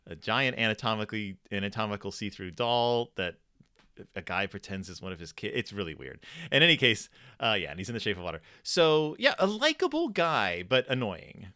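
A man talks in a casual podcast chat, his pitch swinging up and down as he rambles, laughs and restarts his sentences. His voice is bright and forward, recorded dry and close with no room sound. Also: no room sound. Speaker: podcast co-host. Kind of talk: casual chat reviewing a horror episode.

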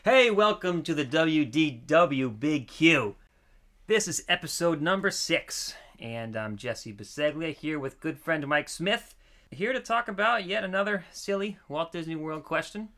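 Bright-voiced man hosting a casual chat. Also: fairly high pitch, animated, unhurried. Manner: chatty, laughs often, stumbles and repeats words. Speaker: podcast host.

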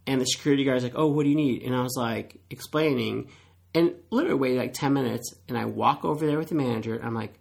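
A man as a podcast guest, chatting casually and telling animated stories, acting out what people said. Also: mid-range voice, fast, vocal fry, breathy edge. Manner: animated storyteller acting out quoted dialogue. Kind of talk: casual chat.

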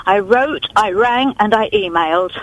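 A woman's voice: medium pitch, unhurried, fairly bright tone, no room sound, rough recording. A woman calling into a radio phone-in, chatting earnestly and rambling a little. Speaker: caller. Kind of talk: phone-in chat.

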